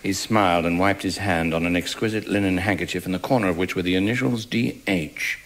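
A man narrating a spoof thriller in a 1980s radio comedy sketch, in a pompous, self-flattering manner, on an old noisy broadcast recording. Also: low voice, fairly quick.

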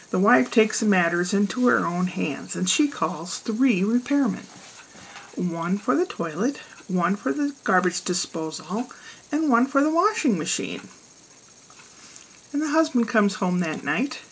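A woman's voice: medium pitch, expressive, takes it slowly, long pauses, husky, rough recording. A woman hosting a weekly joke segment, telling a joke in a chatty, casual way. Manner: chatty storyteller.

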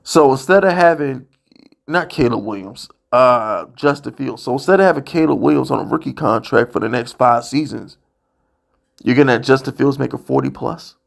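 A man's voice: medium pitch, normal speed, creaky. A man ranting bluntly and profanely as a sports vlogger, exasperated and worked up. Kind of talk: heated sports rant.

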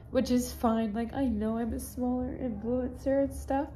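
A woman's voice: a little high, fairly even intonation, normal speed, hardly any pauses, mellow, a little hiss or hum. Teary young woman on a phone mic. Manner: gushing, heavy use of "like". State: teary, crying voice. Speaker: fitness influencer. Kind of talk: casual vlog confession.

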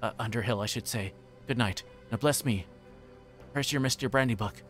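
A man's voice: mid-range voice, normal speed, a bit bright, faint music behind, natural voice. A man voicing a fussy, anxious middle-aged male innkeeper who stammers, in a book reading. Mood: reassuring. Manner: flustered, stammering.

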